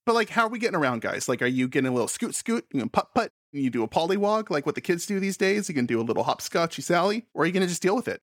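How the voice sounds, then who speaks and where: A man's voice: fairly high pitch, sing-song, rapid-fire, hardly any pauses, fairly bright tone, dry recording, clean studio sound. A man co-hosting a casual comedic chat, playful and full of silly wordplay and sing-song riffs. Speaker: podcast co-host.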